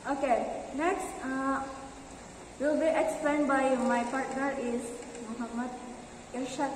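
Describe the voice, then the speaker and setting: A young woman with an Indonesian accent presenting a pronunciation lesson, slow with pauses and fillers. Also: high-pitched, flat delivery, a little hiss or hum. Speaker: student presenter. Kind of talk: classroom presentation. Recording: very echoey room from far off.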